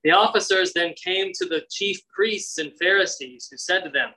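A man's voice: high-pitched, moderate pace, pushed and bright, rough recording. A man preaching a sermon, reading scripture and acting out its voices with conversational asides. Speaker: pastor.

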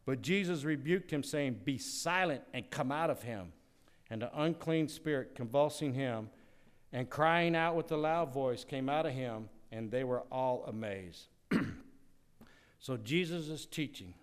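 A male pastor preaching a sermon, swinging dramatically from loud declarations to hushed asides. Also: medium pitch, a little slow, clear, resonant tone.

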